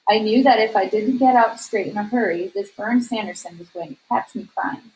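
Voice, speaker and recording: A woman reading a novel aloud at a steady, measured storytelling pace. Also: mid-range voice, low-quality recording. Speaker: reader.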